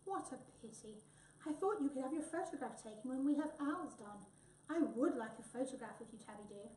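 A woman doing a small, gentle, clever mouse. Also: on the high side, brisk, close to an everyday voice. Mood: coaxing. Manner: gentle, coaxing. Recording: echoey room, voice from far off.

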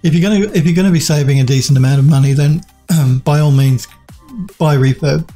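A man's voice: on the high side, a little fast, warm tone, soft background music. A man developing a game on a live stream, reading viewers' chat aloud and replying casually with lots of fillers and restarts, while he is losing his voice. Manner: reads out chat messages and answers them, with many fillers and restarts.

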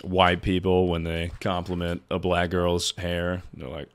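A man streams live, chatting casually with viewers in a rambling, joking way and swearing plenty. His voice is low with a level tone, a little slow, and broken by long pauses.

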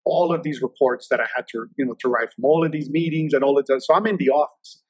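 A man's voice: mid-range voice, fast, husky, no room sound, rough recording. A man in his fifties, a federal agent guest telling stories casually in an interview, with a loose, filler-heavy way of talking.

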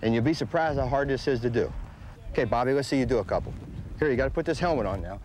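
A man's voice: medium pitch, animated, fast, a little mellow, a little hiss or hum. A man coaching children through bunting drills outdoors, patient and repetitive as he demonstrates. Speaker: baseball coach. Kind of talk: outdoor bunting instruction to kids. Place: outdoor ball field.

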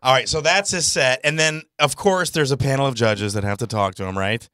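A man hosting a casual podcast chat, animated and steering the playback of clips. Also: medium pitch. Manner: quick, animated, directs the playback. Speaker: podcast host.

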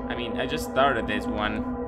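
A man's voice: fairly low pitch, fairly even intonation, moderate pace. A man commenting on a horror game as he plays, swearing and yelping at the scares. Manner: jumpy, yelps and swears at scares. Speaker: gaming video creator. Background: loud game music.

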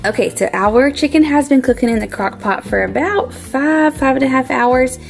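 A woman's voice: high voice, lively intonation, moderate pace, vocal fry. A woman, chatting upbeat in her home kitchen while she cooks for her vlog. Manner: chatty, upbeat, says "y'all". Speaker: vlog host. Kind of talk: casual cooking vlog chat.

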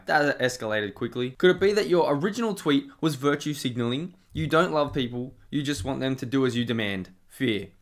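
A man's voice: mid-range voice, fairly quick, few pauses. A young man hosting his own channel, talking in a casual, combative way. He speaks with a mid-range voice, and his reactions lean sarcastic. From Australia. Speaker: political commentary YouTuber.

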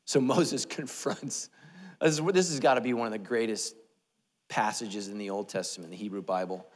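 A man's voice: fairly low pitch, moderate pace. A man preaching a sermon as pastor, in a humorous, self-deprecating, conversational way. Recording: echoey church hall.

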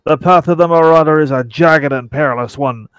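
A man putting on a gruff pirate guild master. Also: a little high, brisk, no echo, close to an everyday voice. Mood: stern. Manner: mock pirate growl, rolling declamation.

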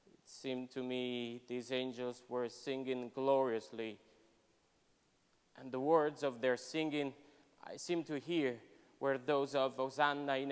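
A man, a professor, giving a solemn, measured, expressive dramatic reading in a university hall. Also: mid-range voice, clean tone. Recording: long hall reverb at a live event.

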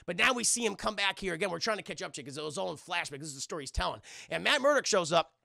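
A man's voice: high-pitched, animated, quick pace, gravelly, few pauses, bright, forceful tone, no room sound, studio quality. A male streamer rambling through a profane, casual recap of an anime episode for his live chat.

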